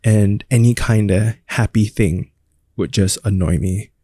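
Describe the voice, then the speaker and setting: A man's voice: on the low side, measured pace, warm tone, husky, no echo. A man in his thirties from Singapore, a radio DJ talking openly and reflectively about himself in an interview, with some self-deprecating humor. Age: 30s. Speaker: radio DJ and guest. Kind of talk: candid interview conversation.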